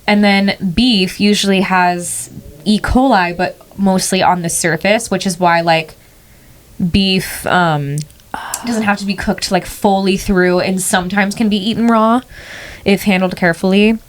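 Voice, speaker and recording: A young woman co-hosting a relaxed podcast. She talks in an easygoing, rambling way, full of fillers and restarts, with an ordinary mid pitch. She sounds like someone chatting with a close friend. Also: measured pace. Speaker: podcast co-host. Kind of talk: casual chat.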